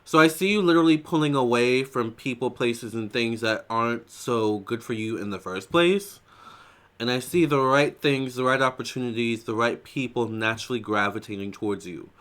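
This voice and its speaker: A man's voice: mid-range voice, normal speed. A man giving a casual psychic tarot reading in a chatty, loose way, with many fillers and restarts. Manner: prays softly. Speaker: tarot reader.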